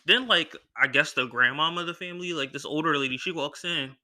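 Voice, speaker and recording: Young man, podcast host; casual slangy storyteller, bright, forward tone. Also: a little high, quick pace. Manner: animated, acts out other people's lines in a raised voice, slangy.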